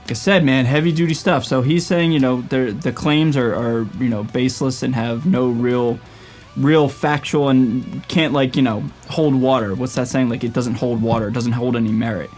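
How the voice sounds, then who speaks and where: A man's voice: mid-range voice, fairly even intonation, moderate pace, darkish tone, soft background music. A young man hosting a casual commentary video, stumbling and hesitant, with lots of fillers. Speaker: YouTube host.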